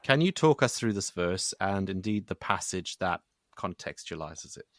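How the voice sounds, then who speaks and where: A man with a low voice, hosting a podcast interview. He thinks aloud, hesitates and often restarts his sentences. The recording is dry and close. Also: lively intonation, moderate pace, no echo. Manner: thoughtful, hesitant, with many restarts. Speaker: podcast host.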